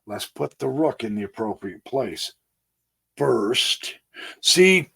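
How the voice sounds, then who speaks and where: Animated folksy man reviewing a chess game. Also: medium pitch, vocal fry, slightly rough. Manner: folksy, thinks aloud with homey exclamations; animated, swinging between quiet asides and emphatic bursts. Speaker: chess channel host. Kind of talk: casual game walkthrough on a physical board.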